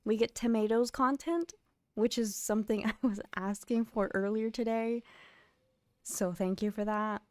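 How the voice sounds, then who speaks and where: A woman's voice: fairly high pitch, steady tone, unhurried, a little mellow, no echo, clean studio sound. A young woman streamer chatting casually and giggling as she tells stories while gaming.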